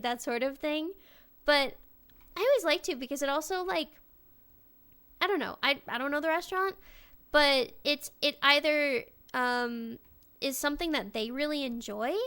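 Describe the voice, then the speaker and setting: A woman's voice: sits high, gravelly, fairly bright tone. A young woman in casual chat. She rambles, swears freely and restarts her sentences often.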